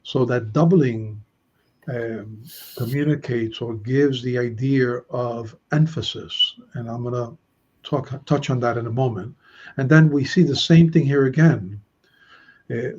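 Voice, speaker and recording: A man teaching a Bible study lesson, slowly explaining Hebrew grammar and stressing key words. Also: mid-range voice, a little mellow, husky, highs cut off.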